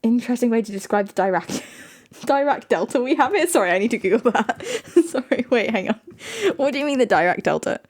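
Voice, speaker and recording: A young woman, voice sitting a little high, chatting casually with her live-stream viewers. She giggles often and breaks into laughter between sentences. The sound is close and clear, like a desk microphone. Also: animated, fairly quick.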